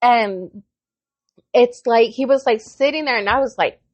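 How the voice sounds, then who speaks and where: Woman in her 30s, kinda high voice, dry close sound, cussing and acting out every line of the story. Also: unhurried, no room sound. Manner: animated storytelling, heavy swearing, acts out quotes. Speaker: podcast co-host. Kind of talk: casual chat.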